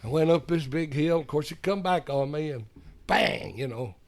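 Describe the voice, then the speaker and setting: A man's voice: a little high, animated, normal speed, creaky. A man from Ohio with a Southern Kentucky accent, a podcast guest telling rambling folksy stories in casual chat.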